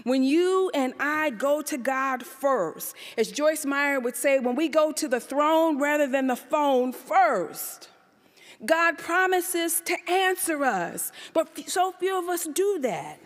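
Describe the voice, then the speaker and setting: A woman pastor preaching an animated sermon to a church congregation, full of rhetorical questions and sudden calls out. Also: sits high, slow pace. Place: church sanctuary. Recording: live church service in a reverberant hall.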